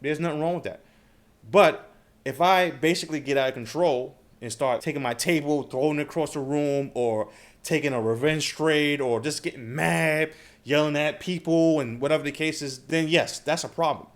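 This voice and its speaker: A man's voice: a little high, moderate pace. A man hosting a trading channel, talking casually to his viewers and often checking in with "okay?" and "right?". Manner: conversational, frequent filler questions like "okay?" and "right?". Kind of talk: casual talk to camera.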